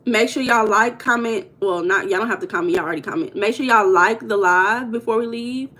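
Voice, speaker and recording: A woman's voice: mid-range voice, brisk, sharp tone. A woman hosting a casual livestream, chatting straight to her viewers and repeating herself as she goes. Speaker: livestream host.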